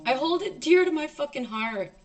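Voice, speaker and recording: A woman's voice: high voice, animated, moderate pace, faint music behind. A young woman telling a personal story on a stream in a blunt, heavily profane, emotional and emphatic way.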